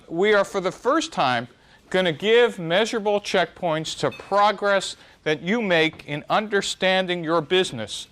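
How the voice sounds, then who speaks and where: A middle-aged man delivers a live lecture in a rather high voice. He is wry and self-deprecating, and his pitch jumps up and down as he makes his points. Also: fairly bright tone. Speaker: speaker giving a startup talk.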